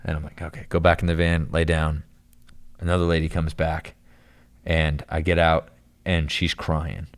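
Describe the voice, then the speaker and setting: A young man with a very low voice tells a story on a podcast. He talks casually and rambles, stacking fillers and retelling what people said. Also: normal speed. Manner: rambling, animated storytelling with lots of "like" and "dude". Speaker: podcast guest.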